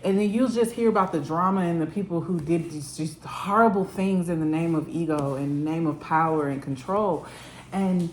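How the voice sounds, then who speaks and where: A woman's voice: fairly low pitch, moderate pace, darkish tone, reverberant, slight background noise. A woman giving a spiritual card reading at home, talking earnestly and emotionally with lots of "like" fillers.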